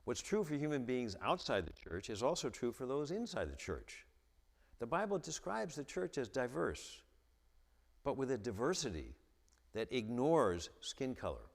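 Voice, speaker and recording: A man's voice: mid-range voice, very animated, normal speed, creaky, big-room sound. A man giving a lecture-style talk at a church, stuttering and repeating the starts of his sentences. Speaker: guest speaker at a church. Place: church hall with an audience.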